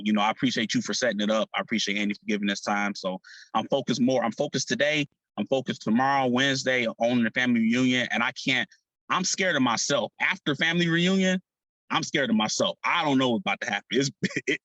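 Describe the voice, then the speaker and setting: Man on a team call, fired up and casual, laughs between lines; bright, forceful tone, dry recording. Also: mid-range voice, fast talker, no room sound, poor audio.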